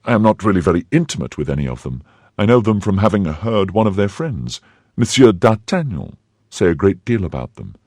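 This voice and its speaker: A man reading the part of a cunning noblewoman who hides her cruelty behind feigned warmth, with a husky voice. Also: deep voice, sing-song, fairly quick, no room sound, studio quality, voice pushed up, heavily acted. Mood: guarded. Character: cunning noble lady, cold schemer.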